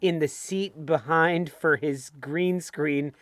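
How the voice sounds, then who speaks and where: A man's voice: on the high side, fairly even intonation, takes it slowly, fairly bright tone, no echo, studio quality. A middle-aged American man co-hosting a football fan show, chatting casually and laughing often over a video call. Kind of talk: casual chat.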